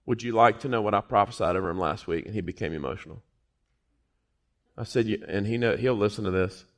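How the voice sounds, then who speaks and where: A middle-aged man preaches a sermon at a fast clip, jumping between quiet, low asides and loud, high exclamations. His delivery is joking, and he tells personal stories along the way.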